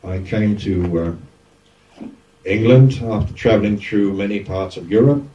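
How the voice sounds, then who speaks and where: A man's voice: fairly low pitch, measured pace, slight background noise. Older Australian man telling stories, distant. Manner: lively raconteur, acts out quoted speech. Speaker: former radio DJ, interviewee. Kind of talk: anecdotal storytelling interview. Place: event venue. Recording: dull, distant lo-fi recording.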